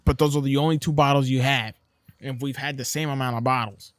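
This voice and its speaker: Loud, profane man in casual podcast chat. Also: mid-range voice, fairly quick, no echo, clean studio sound. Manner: loud, profane, animated when retelling, does voices of others. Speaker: podcast co-host.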